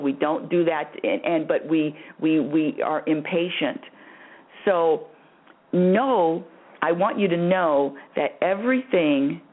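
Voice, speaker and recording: A woman hosting a call-in radio show, repeating her points for emphasis and calling the caller honey. Her voice swoops up high when she stresses a point, and she laughs often. The sound is narrow and phone-like. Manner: emphatic and repetitive, calls the caller honey and dear. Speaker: radio host answering callers. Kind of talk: spiritual advice call-in show.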